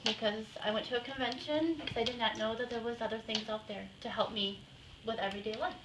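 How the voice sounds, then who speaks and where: A woman talking casually and patiently to a group of children in a home, pausing now and then to give short commands to her dog. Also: on the high side, steady tone. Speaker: guest speaker with a guide dog. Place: indoors in a home. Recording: roomy, distant home-video sound with faint noise.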